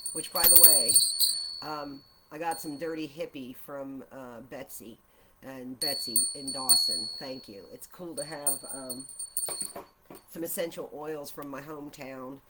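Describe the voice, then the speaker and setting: Gentle meandering woman, soft affirmations. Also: rumbling low, very noisy. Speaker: art journaling vlogger. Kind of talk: meditative casual chat while drawing. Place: at home, seated at a desk. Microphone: camera mic.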